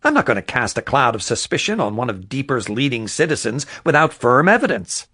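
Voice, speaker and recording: A man's voice: mid-range voice, very animated, a little fast, pushed and bright, no room sound, studio quality, voice pushed up, full character voice. A man reading an audiobook, voicing a skeptical town official who objects insistently.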